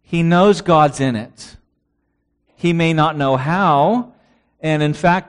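In his sermon, a male preacher moves at an unhurried, deliberate pace, reading scripture aloud and repeatedly posing rhetorical questions to the congregation. His voice is pitched a little high for a man.

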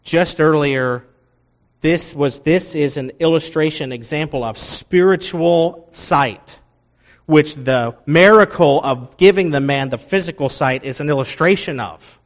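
A man preaching a sermon, reading scripture aloud and rising loud and high for emphasis, then dropping low for asides. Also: measured pace. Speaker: pastor. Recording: dull lo-fi sound.

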